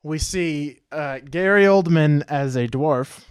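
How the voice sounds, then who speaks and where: A man's voice: fairly high pitch, takes it slowly, clear, resonant tone, no room sound, studio quality. A man co-hosting a podcast, chatting casually in a blunt, sarcastic way and swearing freely. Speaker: podcast co-host. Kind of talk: casual chat.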